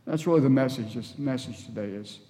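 A man's voice: medium pitch, a little fast, mellow. Guy preaching a sermon, earnest, long church reverb, mid voice. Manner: earnest, acts out voices in the story. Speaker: guest preacher. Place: church hall.

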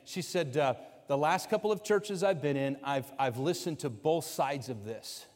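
Baptist pastor preaching in a reverberant church. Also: male voice, a little high, normal speed. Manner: conversational storytelling, voicing quoted people, building to loud preaching. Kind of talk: storytelling sermon. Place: church sanctuary. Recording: long hall reverb from a church sanctuary.

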